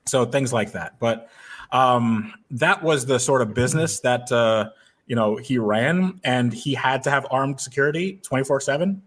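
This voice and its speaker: A man's voice: medium pitch, normal speed, a bit bright. A man co-hosting a podcast, telling a long story in a loose, rambling way with lots of fillers. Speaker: podcast co-host. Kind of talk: casual podcast chat.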